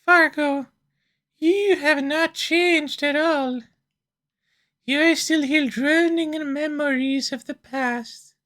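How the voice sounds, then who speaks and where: Woman reading as a stern, high-voiced mermaid. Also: steady tone, slow pace, a bit bright. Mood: reproachful. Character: proud reproachful mermaid woman. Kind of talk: reading game dialogue aloud.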